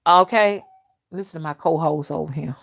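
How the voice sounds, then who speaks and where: An older woman hosting a casual live stream, talking bluntly and loudly to her viewers and laughing often as she reads their comments. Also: low-pitched, moderate pace, gravelly. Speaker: spiritual reader and live-stream host.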